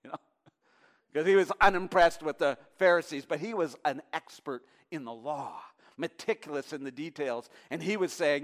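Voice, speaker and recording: A man in the pulpit delivering a fervent sermon, his voice sitting a little high for a man. He drops to a near hush for reflective points, then climbs into loud, driving emphasis. The delivery is passionate and pastoral throughout. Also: expressive, normal speed. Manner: impassioned, swings from hushed lows to loud emphatic peaks.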